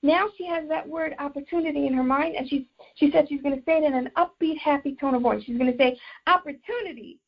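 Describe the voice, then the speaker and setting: A woman's voice: high voice, steady tone, fast, highs cut off. A woman teaching a religious class mixed with life coaching, explaining step by step and repeating phrases as she thinks.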